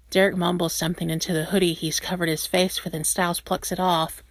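A woman reading a fan fiction story aloud, expressive and animated. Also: lowish voice, fast, hardly any pauses, no room sound, studio quality. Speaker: reader.

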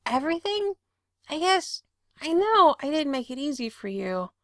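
A man's voice: extremely high pitch, sing-song, normal speed, bright, forceful tone, dry recording, studio quality, voice pushed up, exaggerated voice. Woman reading as a wistful, teasing boyfriend. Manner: wistful, a little sheepish.

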